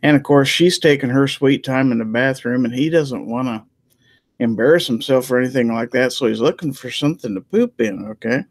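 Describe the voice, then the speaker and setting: A man of middle pitch tells a rambling joke in folksy, homespun fashion, checking in with his listeners as he goes. His voice is recorded close and dry. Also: a little fast, no echo. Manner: folksy storyteller, peppering lines with "okay?". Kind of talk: casual joke-telling chat.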